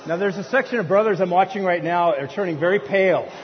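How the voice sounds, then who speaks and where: A man in his thirties delivers a sermon, his fairly high voice dropping to quiet asides and climbing to near-shouts as he tells the story. The sound is a little muffled, with a long reverb from the church hall and a faint hiss underneath. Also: fast talker. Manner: animated storytelling, swings between hushed asides and near-shouts. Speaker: pastor. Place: church sanctuary.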